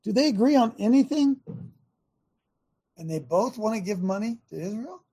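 A man's voice: high voice, expressive, moderate pace, warm tone, husky. Emphatic preachy male talk host. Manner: preachy, emphatic, repeats phrases for stress. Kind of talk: call-in religious talk show.

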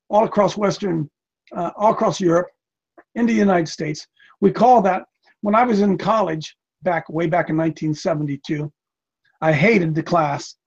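A man's voice: high voice, vocal fry, husky, dull audio. Folksy older man preaching a sermon. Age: 60s. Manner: folksy, repetitive, emphatic.

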